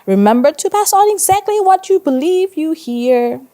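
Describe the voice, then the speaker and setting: A woman voicing a serious male schoolteacher who lectures his class in a measured way. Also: extremely high pitch, lively intonation, dark tone, pitched above the performer's own voice. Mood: stern.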